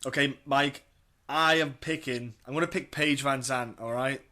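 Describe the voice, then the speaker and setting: A man's voice: medium pitch, steady tone, moderate pace, bright, forceful tone. A man co-hosting a podcast, chatting eagerly and repeating himself as he makes his fight picks. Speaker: podcast co-host. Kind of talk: casual fight-pick chat.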